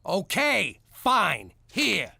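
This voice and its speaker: A man's voice: high-pitched, wildly swooping pitch, very slow, heavy background noise, full character voice. A man voicing a hot-headed mobster father who spoils his daughter in a cartoon. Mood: gruff. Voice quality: gravelly and gruff. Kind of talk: cartoon voice acting.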